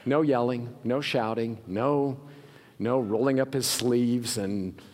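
A male pastor delivers a sermon in a casual, conversational voice, pitched in the middle for a man. He acts out the people in the story and sinks to a hush when he wants a point to land. The sound carries a long hall reverb, as in a church sanctuary. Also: fairly even intonation, slow pace. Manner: conversational preaching, acts out quoted voices, drops to a hush for emphasis.

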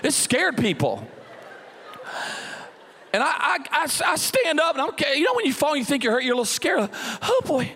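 A high-voiced man preaches in a church, his sound carrying a long hall reverb. He tells stories with lots of energy and acts out the people in them with quick exclamations. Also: huge pitch swings, sharp tone. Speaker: pastor. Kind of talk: sermon with humorous story.

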